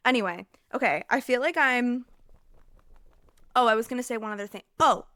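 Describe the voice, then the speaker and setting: Overheated and a bit scattered, this young American podcast host chats on her own show in a slightly high, bright, forceful voice at normal speed. She rambles, leans on fillers, and cuts herself off, all in a dry studio recording.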